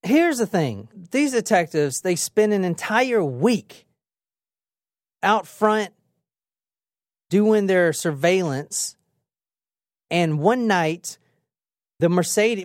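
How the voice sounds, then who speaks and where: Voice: medium pitch, takes it slowly, pauses often, no room sound, clean studio sound. A podcast co-host retelling a true crime case in a casual, dramatic way, with frequent swearing. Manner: animated, profane, dramatic retelling.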